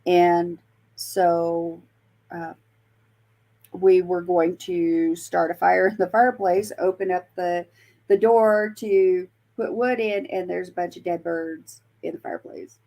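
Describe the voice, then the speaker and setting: Speaking slowly in a lowish, dark voice with fairly even intonation, this woman is a paranormal investigator from Colorado. She's a guest in a relaxed storytelling interview, and her talk is full of fillers and restarts.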